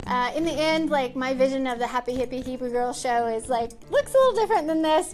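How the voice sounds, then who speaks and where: A woman hosting her own show from a small library room, talking casually and cheerfully with lots of ums and likes. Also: high voice. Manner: chatty and upbeat with frequent ums and likes. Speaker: show host. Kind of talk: casual chat to a live-stream audience.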